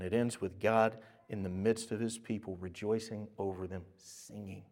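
Animated man preaching a sermon. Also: lowish voice. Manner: animated, swinging from loud exclaiming to quiet, intimate speech. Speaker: pastor.

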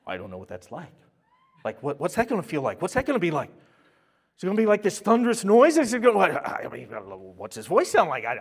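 Animated man preaching a sermon. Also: fairly high pitch, fairly quick, long pauses, breathy edge. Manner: animated, swinging from loud exclaiming to quiet, intimate speech. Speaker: pastor.

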